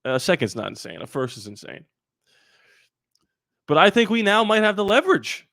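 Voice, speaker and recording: A man hosting a live sports talk stream, animated and rambling with quick asides. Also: high-pitched, creaky, dry recording, clean studio sound. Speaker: sports channel host.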